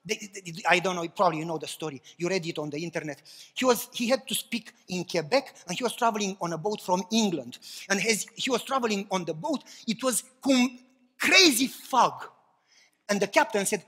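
A man preaching a passionate sermon, swinging between loud cries and hushed, low remarks. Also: animated, fairly quick, husky, in a large hall. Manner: impassioned preaching, swings from shouts to hushed tones.

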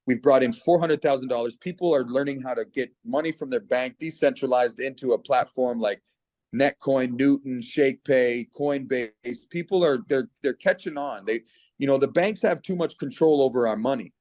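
A man's voice: medium pitch, normal speed, a little mellow, dry recording. A middle-aged man from Canada giving an earnest, persuasive personal testimonial on a video call. His voice catches with emotion as he speaks.

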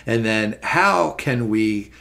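Chatty low-voiced male lecturer. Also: animated, takes it slowly, vocal fry, a bit bright. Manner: chatty, loose, many fillers and restarts. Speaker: exam prep instructor. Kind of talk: recorded lecture over slides.

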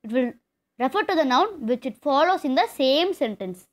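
A woman's voice: high-pitched, expressive, normal speed. A woman teaching an English grammar lesson, explaining step by step and repeating key terms. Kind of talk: classroom lesson.

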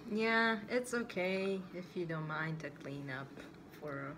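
Low-voiced woman chatting casually. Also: expressive, slow pace, fairly bright tone, a little hiss or hum. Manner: hesitant, laughs often. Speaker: vlog co-host. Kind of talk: casual chat.

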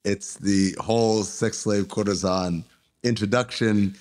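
A man's voice: fairly low pitch, steady tone, unhurried, darkish tone. A man co-hosting a film podcast, chatting casually and retelling scenes with laughs. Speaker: podcast co-host. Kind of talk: casual chat.

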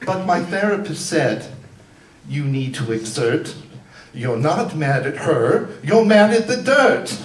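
A man voicing an aging woman film starlet in a live comic a cappella performance. She is haughty, fixated on cleanliness and indignant, defending herself in theatrical rhyming lines, heard from a distant mic in a roomy theater. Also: medium pitch. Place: theater stage.

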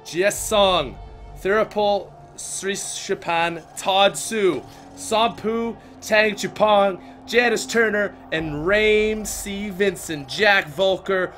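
A man's voice: sits high, slow pace, a bit bright, faint music behind. Joking young Canadian man gaming. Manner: joking, mimics game lines. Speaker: gamer playing a shooter. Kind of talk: casual gameplay commentary.

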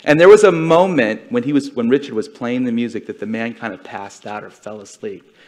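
A man's voice: medium pitch, fairly quick, a little mellow. A man giving a conversational sermon to a congregation, retelling a story earnestly and with feeling. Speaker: congregation speaker.

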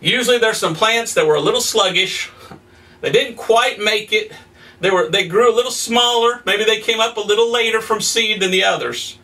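A male evangelist teaching a sermon in a folksy, animated way, reading scripture and telling homey stories with excited exclamations. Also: sits high, moderate pace, recorded from a distance.

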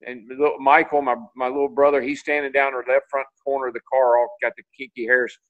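Over phone-quality sound, a retired racing driver from Tennessee, an older man, spins lengthy stories as a video-call interview guest. He talks quickly in a level, mid-range voice, often restarting and using fillers.

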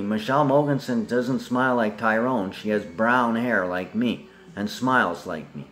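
A man's voice: fairly low pitch, normal speed, hardly any pauses, fairly bright tone. A man talking in a long rambling monologue, swearing freely and jumping from topic to topic.

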